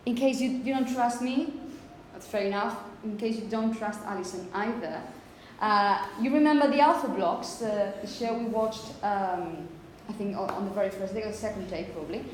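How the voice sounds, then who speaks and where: A woman's voice: mid-range voice, normal speed, few pauses. A Spanish-speaking woman teaching a phonetics class, explaining step by step and checking in with the students often. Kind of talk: classroom lecture. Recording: roomy classroom, faint background noise.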